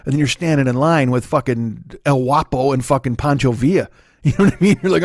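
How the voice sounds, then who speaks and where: A man's voice: medium pitch, a little fast, darkish tone, no room sound. A middle-aged man with a Chicago accent, hosting a comedy podcast in a rambling, profane storytelling monologue. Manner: profane, loose storytelling with frequent fillers.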